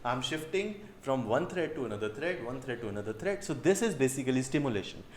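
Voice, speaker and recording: This is a young man with an Indian English accent coaching his viewers in how to date. He talks over field footage in a blunt, swearing, emphatic way and repeats his key phrases to drive them home. His voice sits at a middling pitch for a man. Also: big pitch swings, fast, roomy sound, slight background noise. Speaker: dating coach.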